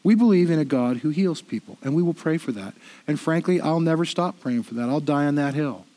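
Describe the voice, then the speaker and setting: A middle-aged man preaching in a high voice. He keeps it conversational and self-deprecating, often doubling back on his words as he talks. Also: expressive, brisk, dark tone. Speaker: pastor. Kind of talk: sermon.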